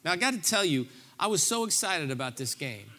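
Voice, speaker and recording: Animated man preaching with lively pitch. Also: a little fast. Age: middle-aged. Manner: storytelling with self-deprecating humor; animated, acts out his own reactions. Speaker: pastor. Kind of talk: sermon.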